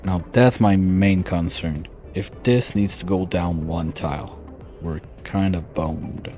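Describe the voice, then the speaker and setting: A man's voice: low voice, steady tone, takes it slowly, dark tone, soft background music. A man giving casual let's-play commentary, thinking aloud and muttering his calculations as he plans. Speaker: gameplay streamer.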